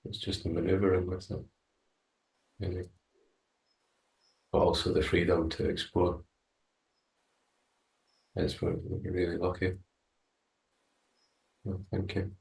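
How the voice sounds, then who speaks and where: A man sharing personal reflections in a group, halting and searching for words. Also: low voice, monotone, creaky, darkish tone. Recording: distant, echoey room mic.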